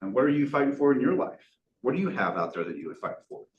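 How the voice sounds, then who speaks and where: A man's voice: mid-range voice, very animated, quick pace, dull audio. A man speaking to a meeting audience, telling a survival story earnestly, with bursts of self-deprecating humor. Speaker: guest speaker. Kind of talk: motivational storytelling talk. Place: meeting room. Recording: echoey room, distant mic, faint hiss.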